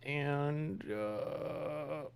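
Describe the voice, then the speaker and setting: A man's voice: fairly high pitch, drawn-out words, gravelly, clear, resonant tone, no room sound. A man running a tabletop game as game master, casually asking his players questions. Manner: easygoing, asks players questions.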